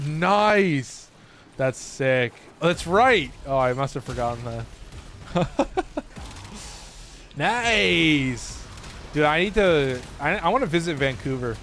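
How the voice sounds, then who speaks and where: A man's voice: medium pitch, fairly bright tone, a little hiss or hum. A man with a Californian accent chatting loosely and swearing while streaming a game. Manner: loose and joking, swears often. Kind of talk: casual live-stream chat while gaming.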